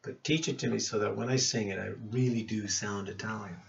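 Man, from Nova Scotia, middle-aged, gravelly voice, rambling anecdotes, lo-fi sound. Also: on the low side, steady tone, brisk, a little hiss or hum. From Cape Breton Island, Nova Scotia, Canada. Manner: rambling, warm anecdotal storytelling with restarts. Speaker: guest musician. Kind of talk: casual storytelling interview. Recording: muffled lo-fi podcast recording.

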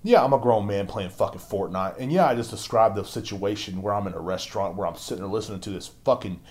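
Young guy, low voice, solo podcast rant, foul-mouthed and mocking. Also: fast talker, darkish tone. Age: young adult. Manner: profane, ranting, mocks others in squeaky voices. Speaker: podcast host.

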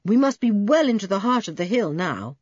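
A woman voicing a sensible older schoolboy who leads the group calmly. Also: medium pitch, brisk, husky, no room sound, highs cut off. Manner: calm and sensible.

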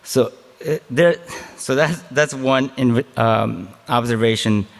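A man delivering a relaxed, conversational sermon as a pastor. His voice has a gravelly edge, and he takes his time, slipping into self-deprecating asides. The recording carries a long hall reverb. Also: medium pitch, slow.

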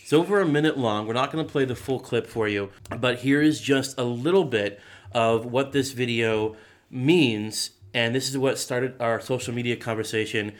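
A man's voice: medium pitch, normal speed. A man hosting a Christian podcast, casually setting up a clip for listeners. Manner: conversational, introduces segments. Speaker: podcast host.

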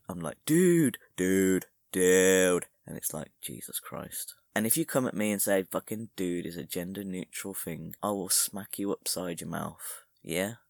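A young man with a low, gravelly voice rambles through a solo podcast. His humour is crude and self-mocking. The sound is close and dry, with no room around it. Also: no room sound. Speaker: podcast host.

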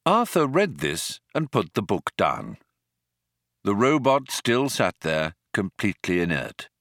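A man's voice: fairly low pitch, huge pitch swings, measured pace, fairly bright tone, no echo. A man narrating an audiobook in a dry, wry storytelling manner. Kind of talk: scripted narration.

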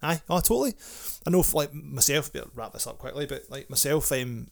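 A young Scottish man co-hosting a podcast, blunt, sweary and quick to laugh. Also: a little high, gravelly. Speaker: podcast co-host, drummer. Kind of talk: casual podcast chat.

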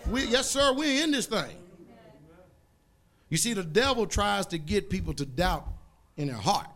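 A male pastor preaches with fervor, his voice high and bright. He swings between quiet, low passages and sudden shouted peaks. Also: expressive, a little slow. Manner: fervent preaching, bursts into shouts. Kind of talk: sermon.

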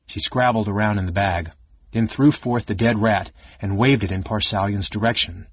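A man narrating a fantasy audiobook with a steady, expressive reading. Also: on the low side, normal speed, husky, dry recording, lo-fi sound. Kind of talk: scripted narration.

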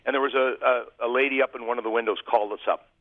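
A man's voice: mid-range voice, fairly even intonation, rapid-fire, dry recording. A man, a former hockey goalie, telling humorous, self-deprecating stories as a guest in a casual interview. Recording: tinny phone-like line.

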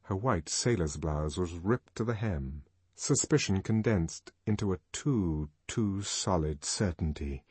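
A man narrating a novel in an audiobook with expressive, lively delivery. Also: low voice, a little slow, breathy edge, no echo. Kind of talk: novel reading.

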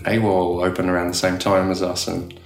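Gravelly low Australian man, echoey room. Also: level tone, fairly quick, faint music behind. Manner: rambling, many "you know" fillers and restarts. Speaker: tattoo artist guest. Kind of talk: casual interview chat.

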